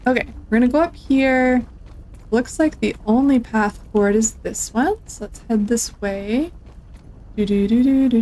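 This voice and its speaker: A woman's voice: fairly high pitch, darkish tone, a little hiss or hum. Chatty young woman narrating gameplay. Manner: chatty, talks to the enemies and to viewers, playful beeps and boops. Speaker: gameplay streamer. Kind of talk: casual let's-play commentary.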